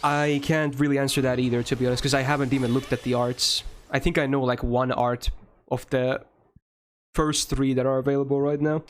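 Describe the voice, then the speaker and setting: A man's voice: mid-range voice, level tone, fairly quick, a little hiss or hum. A young man streaming a game and chatting casually with his viewers, answering their questions in a rambling way and swearing freely.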